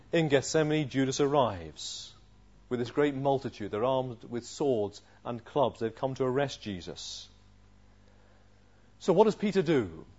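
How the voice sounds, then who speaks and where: A male preacher giving an expository sermon, asking rhetorical questions and swinging from loud emphasis to a hushed voice. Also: medium pitch. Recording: dull lo-fi sermon recording.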